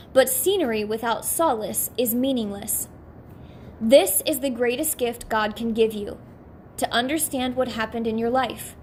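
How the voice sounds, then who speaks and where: A woman voicing a patient blue man who calmly guides a newcomer through heaven, speaking in a gentle, measured way. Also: a little high, slight background noise, close to an everyday voice.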